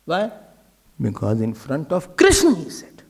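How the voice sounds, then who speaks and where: An Indian English accented man teaching scripture in a lively discourse, his voice sitting high and leaping up and down through each sentence. He talks animatedly and drops Hindi and Sanskrit words into his English. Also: measured pace, creaky, breathy edge. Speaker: spiritual teacher.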